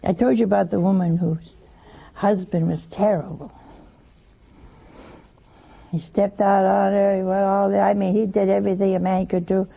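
A woman's voice: mid-range voice, little pitch movement, normal speed, vocal fry, pauses often, warm tone, husky, dull audio. An older woman giving a folksy sermon, teasing her listeners with questions and anecdotes. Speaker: preacher.

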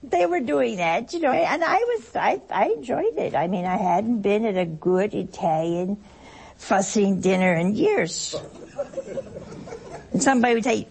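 Woman, religious speaker: gravelly, playful storyteller, sermon-style address to listeners. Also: mid-range voice, expressive, a little slow, a little mellow, slight background noise. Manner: storytelling, playful, laughs and acts out voices.

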